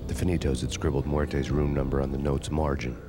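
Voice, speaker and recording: A world-weary, hard-boiled cop narrates this game in a grim, deadpan noir voice. His voice sits extremely low. Loud music plays under the voice-over. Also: brisk.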